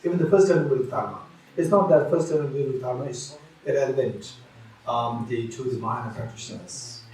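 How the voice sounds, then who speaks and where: A man's voice: mid-range voice, brisk, darkish tone, heavy reverb, distant mic, rough recording. A man giving a Buddhist teaching at a retreat, repeating key phrases and restarting often.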